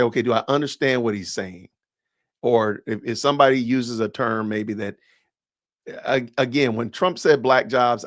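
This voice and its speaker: With a mid-range voice and clean, echo-free studio sound, a man with a Southern US accent hosts a podcast livestream. His casual talk is chatty and meandering, and he keeps correcting himself as he goes.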